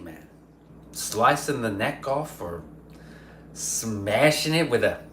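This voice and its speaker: A man's voice: mid-range voice, fairly bright tone, a little hiss or hum. A young adult man rambling profanely in casual livestream chat, reading his chat aloud. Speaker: streamer.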